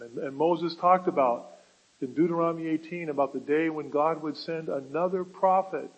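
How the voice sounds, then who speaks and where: Male pastor, husky, slightly high voice, earnest sermon delivery with rhetorical questions. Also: normal speed, poor audio.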